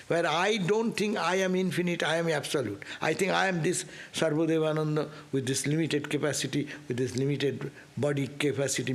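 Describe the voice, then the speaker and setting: A man giving a spiritual class talk as a swami, earnest and questioning, with rising emphasis. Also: on the high side. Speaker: swami teaching scripture.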